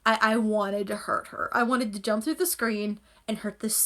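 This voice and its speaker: A woman's voice: on the high side, normal speed, few pauses, a bit bright. Gushing, rambling woman vlogger. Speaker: anime reaction vlogger. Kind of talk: casual chat. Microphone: phone.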